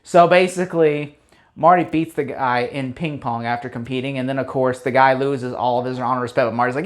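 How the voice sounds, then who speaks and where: A man's voice: medium pitch, fast talker. A man giving a casual spoken movie review, rambling through the plot with many fillers and restarts, blunt and opinionated.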